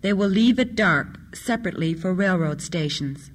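A woman narrating a storybook in a steady, measured reading. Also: on the low side.

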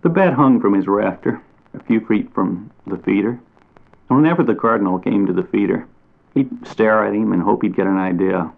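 Guy reading a kids story slow and gentle, lowish gravelly voice, sounds like it's over a phone. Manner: gentle, unhurried, lingers on descriptive phrases. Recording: tinny phone-like audio.

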